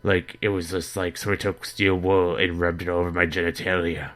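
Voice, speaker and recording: A man telling an absurd story in a deadpan, rambling comic monologue, with stammering restarts. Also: sits low, a little fast. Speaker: comedy vlogger in character.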